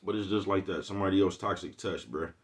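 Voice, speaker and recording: Brief: deep-voiced male streamer, slangy and casual, constantly checks in with his viewers. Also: steady tone, fast talker. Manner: streetwise slang, keeps asking "you know what I'm talking about". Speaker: livestream vlogger. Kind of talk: casual livestream rant.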